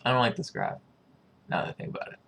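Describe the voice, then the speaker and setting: A man's voice: fast talker, fairly bright tone, slight background noise. A man thinking aloud casually, musing and repeating words over and over to test how he pronounces them. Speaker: video creator.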